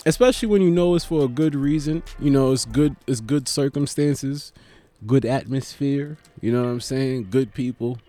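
A man's voice: a little high, normal speed, creaky, mellow, faint music behind. A young man, a stand-up comedian, rambling sleepily and profanely at night, yawning and mocking himself. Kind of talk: late-night casual monologue.

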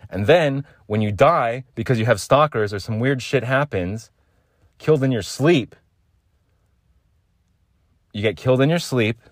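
A man's voice: mid-range voice, no room sound, studio quality. A man hosting a solo podcast, ranting emphatically and swearing freely. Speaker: podcast host.

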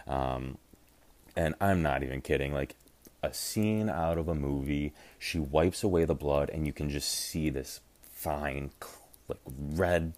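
A young man and podcast co-host telling a wild party story in casual chat, animated, acting out quotes with lots of fillers and swearing. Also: rumbling low, measured pace, no room sound.

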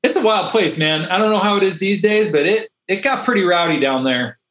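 A man swapping stories as a podcast guest, animated and quick to laugh. His voice sits a little high for a man. It rings with the echo of a roomy space. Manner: animated, laughing, acts out quotes. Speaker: podcast guest, Navy diver. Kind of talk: casual storytelling. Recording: echoey room.

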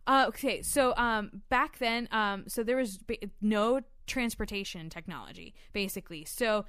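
Young woman co-host, casual and rambly, a smooth clear voice and a dry close sound. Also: medium pitch, animated, normal speed, fairly bright tone, no room sound. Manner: rambling, swears freely, laughs often. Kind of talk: casual chat.

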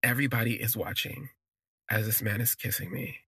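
A man telling a personal story for his podcast, in an unhurried, conversational way that lingers on words, with fillers. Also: medium pitch, steady tone, bright, forceful tone, slightly rough, no echo.

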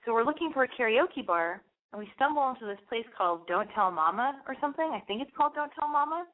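A woman's voice: fairly high pitch, animated, fast talker. Young woman, radio host, rambling casual chat, tinny phone-like sound. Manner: chatty, rambling and candid, with lots of "like". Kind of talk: casual monologue.

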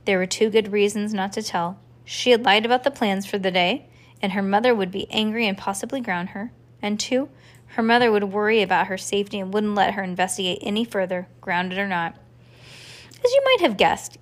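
A woman reading a children's storybook aloud to a child, with a calm storytelling cadence. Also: mid-range voice. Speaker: reader to a child.

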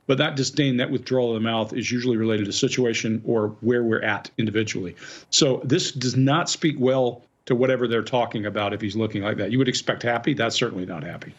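Brisk man analyzing body language. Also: medium pitch, breathy edge. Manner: explains briskly, points out details. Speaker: body language expert guest. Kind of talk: analytical commentary on video. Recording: dull lo-fi remote audio.

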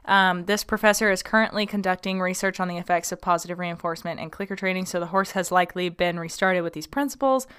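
A woman's voice: fairly low pitch, fairly bright tone, clean tone. A young woman hosting a casual podcast, reading out a listener's question and chatting about it with many ums and likes. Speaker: podcast host.

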